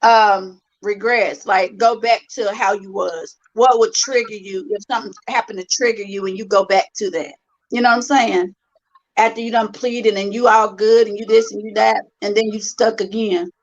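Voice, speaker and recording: A woman's voice: medium pitch, steady tone, normal speed. A woman co-hosting a live stream talk show from her phone, thinking aloud and searching for words as she talks. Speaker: co-host. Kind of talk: casual live-stream chat. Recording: slightly dull lo-fi phone audio.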